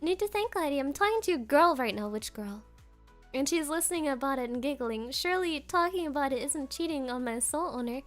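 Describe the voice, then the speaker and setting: Chatty giggly girl streamer, high voice, faint music behind her. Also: expressive, fairly quick. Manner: giggly, chatty, reads chat aloud. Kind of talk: casual chat with chat readers.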